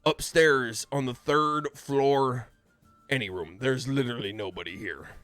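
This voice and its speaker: A man voicing a gruff, crude male orc barkeep who yells at his staff, in a tabletop game. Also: medium pitch, a little slow, faint music behind, close to an everyday voice. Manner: yelling, crude, impatient.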